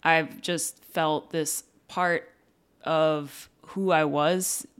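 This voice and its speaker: A young adult woman candidly telling a personal story in an interview, casual and swearing, animated when quoting people. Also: low-pitched, extremely slow, clear, resonant tone. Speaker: interview guest.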